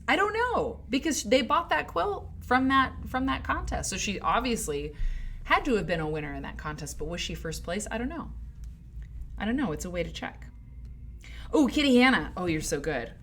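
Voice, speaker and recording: A woman's voice: mid-range voice, fairly bright tone, slight background noise. A woman hosting a quilting livestream, chatting casually and rambling with restarts and asides to her viewers. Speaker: host of a quilting livestream show.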